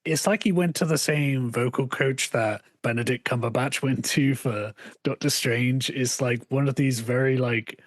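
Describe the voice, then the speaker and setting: A man's voice: medium pitch, moderate pace, hardly any pauses, dry recording. A man co-hosting a podcast in casual chat, laughing often and acting out quotes. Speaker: podcast co-host.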